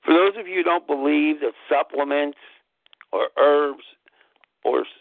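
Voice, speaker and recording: A man's voice: on the high side, a little slow, gravelly, dry recording. A man hosting a personal health talk, telling his story earnestly and repeating key phrases for emphasis. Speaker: host. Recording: tinny phone-like line, dry.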